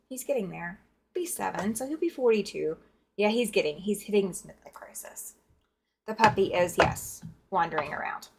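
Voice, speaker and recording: A woman with a medium-pitched voice hosts a live quilting stream, sewing as she chats casually and greets viewers by name. There's a slight hiss or hum on the recording.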